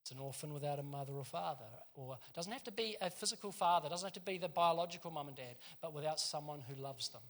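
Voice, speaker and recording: A man preaching to his church, his voice pitched high for a man and ringing bright. He tells street stories in a lively, conversational way and breaks into laughter often. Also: fast, few pauses. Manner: animated storytelling, laughs often. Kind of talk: sermon.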